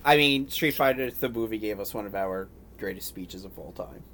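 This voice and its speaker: A man's voice: fairly low pitch, normal speed, a bit bright, slight background noise. A man co-hosting a podcast, reading out news items and bantering casually. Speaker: podcast co-host. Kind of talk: casual chat.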